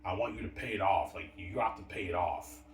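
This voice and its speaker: A man's voice: low voice, a little fast, a little hiss or hum. A man ranting in a rambling, profane, aggrieved solo monologue. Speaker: vlogger. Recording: echoey room, far from mic.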